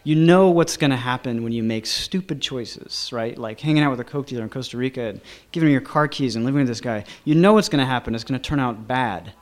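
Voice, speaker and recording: A man telling a personal anecdote in a lively, chuckling way, with lots of fillers. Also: mid-range voice, fast talker, hardly any pauses. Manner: animated, chuckling, many fillers like "you know".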